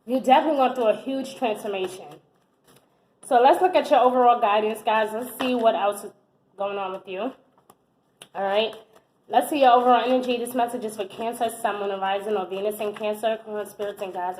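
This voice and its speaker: A young American woman giving a casual tarot reading in an animated, exclamatory way, often repeating her phrases. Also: medium pitch, a little fast. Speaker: tarot reader. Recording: echoey room.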